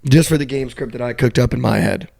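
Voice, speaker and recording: A young man co-hosting a podcast, telling a story in a casual, animated way and swearing now and then. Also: medium pitch, quick pace, gravelly, no room sound. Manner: animated storyteller, swears, quotes people flatly. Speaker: podcast co-host. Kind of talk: casual sports betting chat.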